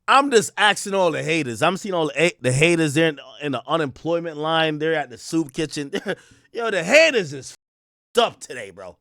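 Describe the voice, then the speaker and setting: A man hosting a livestream, ranting in boastful, profane commentary that swings between loud outbursts and mumbling. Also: high-pitched, dry recording, studio quality. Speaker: livestream host.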